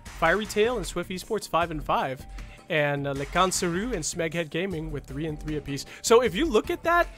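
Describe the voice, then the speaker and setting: Man, esports caster, rambling, excited, higher-pitched, faint background music. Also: moderate pace. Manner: enthusiastic, rambling, self-interrupting. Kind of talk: esports tournament commentary.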